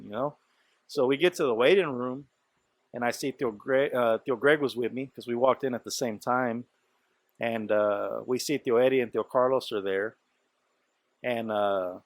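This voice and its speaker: A man's voice: medium pitch, dry recording. A man hosting a podcast, telling a story in loose casual talk, full of swearing, fillers and quoted speech. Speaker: podcast host.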